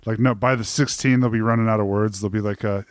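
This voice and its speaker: A man's voice: lowish voice, steady tone, fast talker, no room sound. Jokey man riffing, dry sound. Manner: jokey, riffing, heavy on fillers like "like" and "um". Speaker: podcast co-host. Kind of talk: casual movie review chat.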